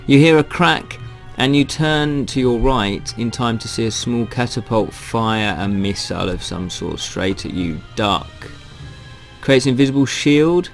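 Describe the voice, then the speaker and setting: Gravelly man reading a game aloud. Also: mid-range voice, unhurried, faint music behind. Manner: wry, chatty, thinks aloud. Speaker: gaming channel host.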